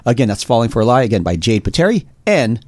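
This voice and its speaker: A man hosting a podcast, talking casually and haltingly, with many fillers and restarts. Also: mid-range voice, sing-song, darkish tone, no echo, studio quality. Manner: hesitant, lots of uh and restarts. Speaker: podcast host.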